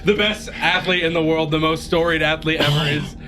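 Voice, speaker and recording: A man's voice: a little high, fairly even intonation, fairly quick, sharp tone, a little hiss or hum. A man playing a tabletop game, joking and laughing as he talks. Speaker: player. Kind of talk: casual game play.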